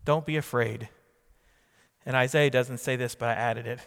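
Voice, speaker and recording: A man's voice: medium pitch, fairly even intonation, normal speed, long pauses, a bit bright, in a large hall. A man preaching a sermon as pastor, emphatic, repeating key phrases and putting questions to the congregation.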